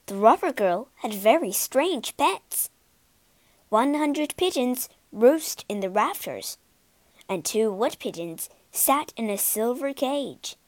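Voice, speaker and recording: Unhurried woman reading a storybook. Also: a little high, lively intonation, no room sound. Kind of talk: storybook read-aloud.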